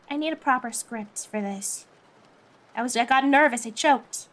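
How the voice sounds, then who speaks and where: A woman's voice: on the high side, a little slow, a bit bright. A young woman streamer chatting casually with viewers, playful and flustered, laughing often.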